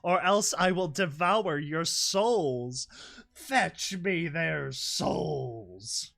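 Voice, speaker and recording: A man's voice: a little high, animated, drawn-out words, creaky, fairly bright tone, full character voice. A man voicing a grandiose female spirit villain who has possessed a young filly, speaking in a pompous, commanding way. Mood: menacing.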